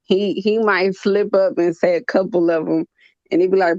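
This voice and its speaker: A woman with a gravelly, creaky voice hosts a casual chat, blunt and full of laughter. The sound is dull and lo-fi, close and dry. She tells her stories with lively energy. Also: lowish voice, normal speed, no echo. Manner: blunt, laughing, animated storytelling. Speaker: channel host.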